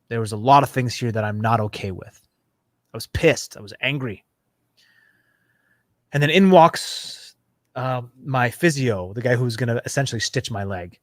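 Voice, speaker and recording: A man in his thirties tells a personal story as a podcast guest, stacking repeated phrases as he builds. His voice sits in a middle pitch and is recorded close and dry, with no room sound. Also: moderate pace, long pauses, no echo.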